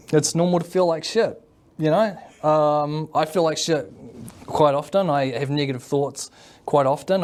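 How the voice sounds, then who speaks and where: A man's voice: fairly high pitch, a little mellow. A man with a New Zealand accent, a mental health worker talking casually in an interview, rambling with lots of fillers and tag questions. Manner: rambling, full of fillers and "eh?" tags.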